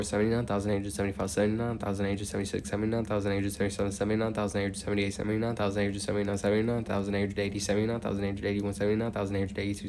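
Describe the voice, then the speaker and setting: A man livestreaming as he counts out loud without a break, now and then drifting off into rambling chat full of "like". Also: fairly low pitch, a little hiss or hum.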